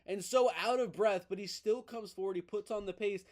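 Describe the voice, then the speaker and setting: A man hosting a fight news vlog in a casual, excited, opinionated way, often repeating himself for emphasis. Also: high voice, moderate pace. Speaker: MMA news host.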